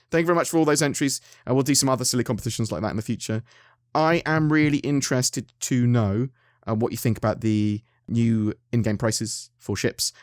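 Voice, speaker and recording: A man's voice: mid-range voice, no echo, studio quality. An English man hosting a gaming channel, chatting casually and self-deprecatingly to his viewers with frequent restarts. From England. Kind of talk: casual video chat to viewers.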